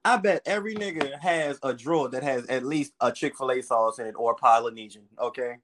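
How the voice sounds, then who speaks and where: A man's voice: medium pitch, a little fast, a bit bright. A man hosting a podcast in casual chat, teasing his friend and laughing often in loose, slangy talk. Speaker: podcast host.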